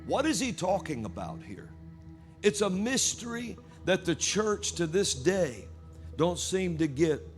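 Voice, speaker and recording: A man preaching a sermon at a church service, reading scripture aloud with animated delivery. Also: high voice, a little slow, soft background music.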